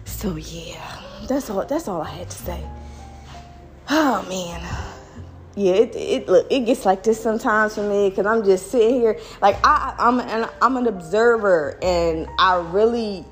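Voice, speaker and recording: A young adult woman, a mother, ranting casually to her viewers in an animated, slangy way, with lots of restarts. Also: medium pitch. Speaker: mom vlogger.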